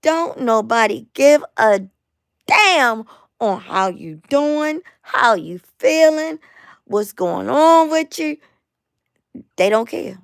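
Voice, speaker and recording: Host, woman; fired-up repetitive live rant, gravelly hoarse tired voice, dry close sound. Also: fairly high pitch, animated, slow pace, no room sound. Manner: emphatic, repetitive, stumbling restarts. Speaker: host of a live online show. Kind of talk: impassioned live rant to viewers.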